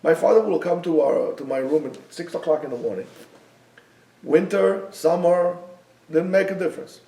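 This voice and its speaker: A man from Israel, teaching a yeshiva class with animated storytelling and bursts of loud emphasis. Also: fairly high pitch, normal speed, creaky, far from the mic. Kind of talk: classroom lecture. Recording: echoey room, speaker away from the mic.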